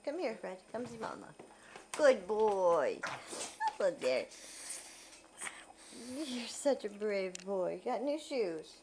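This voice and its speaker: A woman's voice: medium pitch, very animated, takes it slowly, pauses often, noisy background. A woman in a home video, cooing and laughing as she praises and coaxes her dog indoors. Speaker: dog owner.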